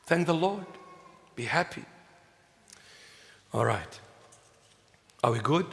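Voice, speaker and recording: A bishop delivers his sermon in a raised, emphatic voice, pausing for playful asides. He speaks at a deliberate, unhurried pace. His voice rings out with a long reverb through a large church hall. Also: fairly high pitch, expressive, gravelly.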